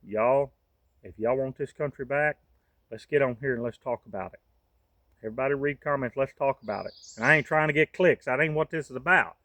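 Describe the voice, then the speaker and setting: A man's voice: medium pitch, brisk, sharp tone, no room sound. Folksy man ranting to camera. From United States. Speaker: vlogger. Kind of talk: impassioned monologue to camera.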